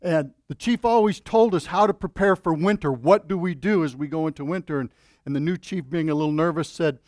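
A man's voice: fairly high pitch, fairly quick, a little mellow, no echo, clean studio sound. A man preaching as a pastor at a church service, praying earnestly and then telling a folksy joke with many fillers and restarts. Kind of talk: sermon with opening prayer.

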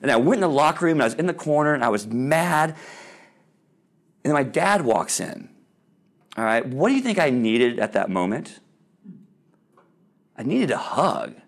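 In a casual Christian talk to parents about sports parenting, a man acts out quoted voices loudly as he tells his stories, often saying um and restarting sentences. His pitch is medium, his pace a little slow, with long pauses.

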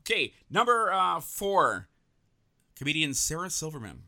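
A man with a very bright, lively voice hosts a casual quiz game, upbeat and encouraging. He reads out names one after another, his pitch bouncing around a lot. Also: a little slow. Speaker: host.

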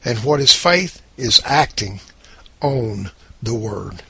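A man preaching with a gravelly, husky voice and emphatic delivery. He reads scripture slowly, then drives his points home. The sound is dry and close, with no room around it. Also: mid-range voice, animated, bright, forceful tone, dry recording. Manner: emphatic preaching, reading scripture in King James wording. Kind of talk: sermon.

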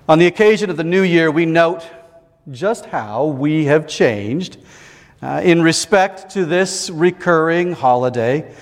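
Slow, high-voiced pastor preaching. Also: male voice, animated, long reverb tail. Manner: measured, reflective, with deliberate pauses. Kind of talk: sermon.

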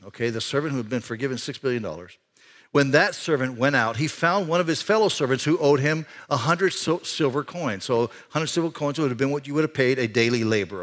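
Animated man preaching a sermon. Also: medium pitch. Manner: animated, conversational preaching with sudden rises and hushed drops. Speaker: pastor. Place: church sanctuary.

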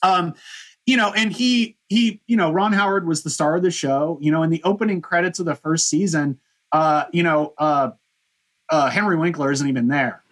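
On his podcast, a man chats loosely through a history, restarting often and leaning on "you know" fillers. His voice is on the high side and fairly bright, at a moderate pace.

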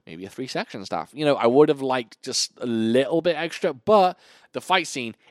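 Male podcast host, animated delivery, swears a lot, dry close sound. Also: mid-range voice, normal speed, no room sound. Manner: enthusiastic, swears often, lists titles. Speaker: podcast host reviewing kung fu films. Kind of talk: casual chat.

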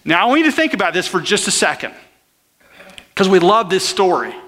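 Guy preaching, high bright voice, talks right to the crowd like a chat. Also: sing-song, brisk, big-room sound. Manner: conversational, questions the crowd directly. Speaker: pastor. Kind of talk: sermon.

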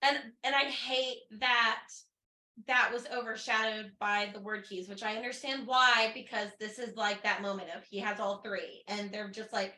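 A woman's voice: medium pitch, fairly even intonation, normal speed, pushed and bright, reverberant. A woman co-hosting a book podcast, reading passages aloud and chatting emotionally with laughter. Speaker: podcast co-host. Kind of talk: casual book discussion podcast.

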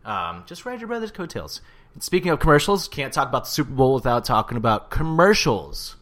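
A man's voice: medium pitch, very animated, brisk, a bit bright. A man co-hosting a casual podcast, from the St. Louis area, joking and swearing loosely about sports and ads. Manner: loose, profane, jokey banter. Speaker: podcast co-host.

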